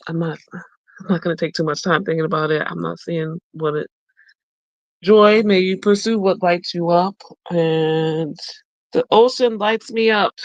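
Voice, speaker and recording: A woman casually walking through a card deck, reading each card's message aloud and then musing about the picture, with frequent pauses and hesitations. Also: on the low side, steady tone, no room sound, muffled recording. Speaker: tarot and oracle deck reviewer. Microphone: close mic.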